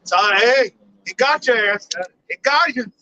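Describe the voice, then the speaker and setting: A man's voice: extremely high pitch, measured pace, sharp tone, highs cut off, a little hiss or hum, heavily acted. A man voicing the old blind father Isaac in crude, profane street slang, rattled and indignant at being fooled. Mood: blunt.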